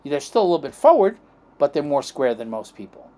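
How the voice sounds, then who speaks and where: Man, middle-aged, slightly high voice, rambling storyteller, podcast guest. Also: very animated, fairly quick, warm tone. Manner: acts out quoted dialogue, checks in with "okay?" and "right?". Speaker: chiropractic guest.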